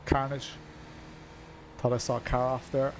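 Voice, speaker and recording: A man's voice: medium pitch, flat delivery, measured pace, a little hiss or hum. Chatty young man streaming a sim race. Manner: chatty, laughs often, rambling with restarts. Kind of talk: live gameplay commentary.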